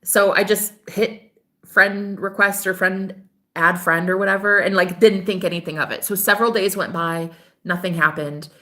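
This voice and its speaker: A woman's voice: mid-range voice, normal speed. Chatty woman telling a story to viewers. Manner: chatty and animated, swearing, addressing viewers as "girl"; voices other people in quoted dialogue. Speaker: spiritual advisor. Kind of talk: casual storytelling to camera.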